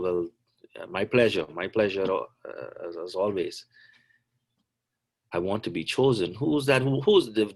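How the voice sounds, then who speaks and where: A man's voice: lowish voice, darkish tone, breathy edge. Chatty joking middle-aged male basketball coach. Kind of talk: casual Q&A on a video call. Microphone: video call.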